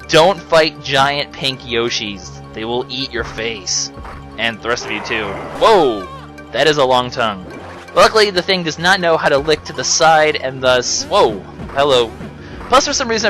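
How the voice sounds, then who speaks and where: A man's voice: fairly high pitch, sharp tone. Sarcastic young man over game music. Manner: sarcastic, mocking, joking asides. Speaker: let's play commentator. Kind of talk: casual gameplay commentary.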